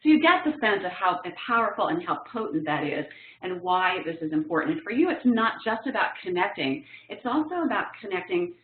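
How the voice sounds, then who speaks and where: A woman's voice: lowish voice, fairly quick. A woman trainer giving a professional development talk, telling personal stories and acting out what people said. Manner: lively storyteller acting out quotes. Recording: tinny phone-like sound in an echoey room.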